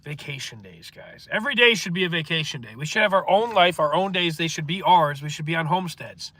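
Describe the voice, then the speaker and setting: Male livestream host with a stuffy nose, bright and forceful tone, earnest and rambling with lots of fillers. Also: a little high, lively intonation, a little fast, no room sound. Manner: earnest, meandering, heavy with filler words. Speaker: livestream host reading viewer comments. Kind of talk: rambling casual monologue.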